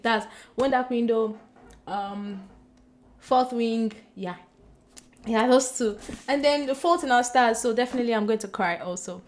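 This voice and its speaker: A woman chatting excitedly to her camera as a book vlogger, bubbly and giggly, gushing as she goes. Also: a little high. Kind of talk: excited casual vlog chat. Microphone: compact camera mic.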